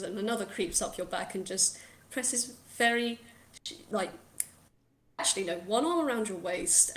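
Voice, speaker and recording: A woman narrating a tabletop game as game master from home, descriptive and emotive, quick to laugh. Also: mid-range voice, fairly bright tone, reverberant, a little hiss or hum.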